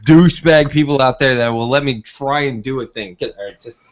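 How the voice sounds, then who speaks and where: A man's voice: mid-range voice, fairly quick, highs cut off, a little hiss or hum. A man hosting a casual online show, joking crudely and swearing constantly. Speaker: show host. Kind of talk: casual profane chat.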